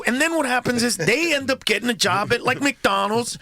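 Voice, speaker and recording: A man from a Hispanic family in the US, ranting comedically as a guest, acting out little voices and shouting his punchlines. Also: very high voice, normal speed, a crowd in the background. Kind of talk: comedic rant.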